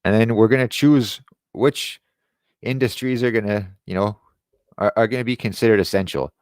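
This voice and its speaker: A man with a very low voice delivers a profane, sarcastic rant as host of his own online show. The sound is close and dry, with no room around him. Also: normal speed, a little mellow, dry recording. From Quebec. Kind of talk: ranting commentary.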